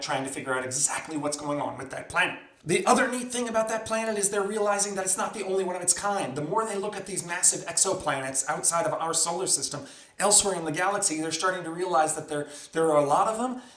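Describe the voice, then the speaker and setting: A man's voice: on the high side, a bit bright. A man who writes science fiction, talking to camera on his own channel in a chatty, upbeat way and tossing in playful sound effects. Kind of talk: casual vlog monologue. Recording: roomy echo.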